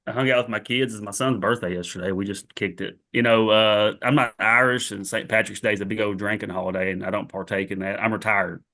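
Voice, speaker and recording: A man's voice: fairly low pitch, fairly even intonation, quick pace, hardly any pauses, sharp tone. A man co-hosting a casual podcast, joking in a laid-back way. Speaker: podcast co-host.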